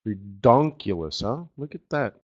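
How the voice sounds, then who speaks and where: A man hosting a live trading webinar, walking viewers through charts in an excitable, slangy, chatty way. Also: mid-range voice, a little slow. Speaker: forex trading webinar host. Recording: slightly dull lo-fi audio.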